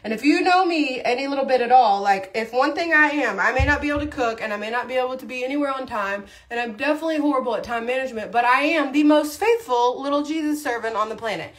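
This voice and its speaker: A woman's voice: high voice, fast talker, few pauses. A woman chatting casually on a livestream, rambling through a story with lots of asides while doing her makeup. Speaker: livestream host, mom.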